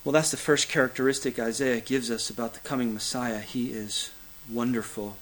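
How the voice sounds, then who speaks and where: A man preaching a sermon, building to loud emphatic peaks, then dropping to hushed, low lines, with a repetitive preaching cadence and occasional fillers. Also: fairly even intonation, normal speed, low-quality recording. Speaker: pastor.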